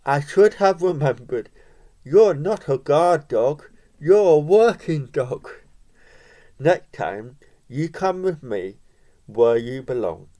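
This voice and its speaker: A reader voicing a kind male farmer in a storybook, speaking softly and reassuringly, close to their own voice. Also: medium pitch, animated, slow pace. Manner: soft and reassuring. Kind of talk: storybook reading.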